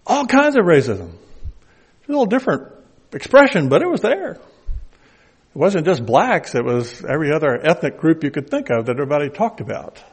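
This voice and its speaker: A man's voice: a little high, big pitch swings, fairly quick, breathy edge. An older man with a Southern accent preaching a conversational sermon with folksy asides.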